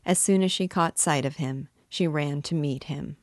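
Woman narrator, low and unhurried, measured literary reading; dry close mic. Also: dry recording. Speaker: reader and guide of a book series. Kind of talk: literary read-aloud narration.

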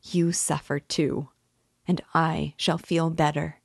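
A woman's voice: deep voice, flat delivery, creaky, darkish tone, dry recording, studio quality, full character voice. Woman reading as Raskolnikov, anguished confessor. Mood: despairing. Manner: slow, earnest, rising to despairing cries. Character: anguished young man confessing a crime. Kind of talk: audiobook reading.

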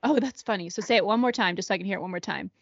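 Bubbly, effusive woman podcast host, medium pitch, dry close recording. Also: very fast, no echo, muffled recording. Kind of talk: upbeat podcast interview.

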